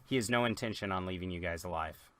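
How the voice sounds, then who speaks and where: A man's voice: low-pitched, quick pace, a bit bright, no room sound. A man as game master, explaining rules and narrating scenes in a tabletop role-playing game.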